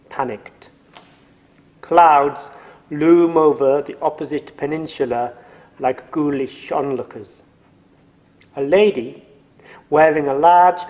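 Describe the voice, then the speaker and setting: A man's voice: mid-range voice, a little mellow, long reverb tail, highs cut off. A man narrating a story from a script in a dry, wry manner.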